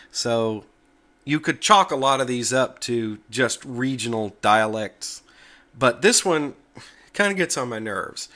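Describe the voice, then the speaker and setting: Male tech host, casual and chatty, bright forward tone, mid pitch. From United States. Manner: relaxed, chatty, self-correcting. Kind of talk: casual talk to camera.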